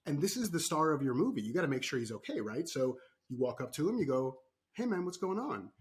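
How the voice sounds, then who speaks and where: A man who works as a performance coach, a podcast guest who tells animated stories and keeps checking in with "right?". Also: mid-range voice, fast talker. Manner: animated storytelling, frequent "right?" tags. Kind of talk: podcast interview.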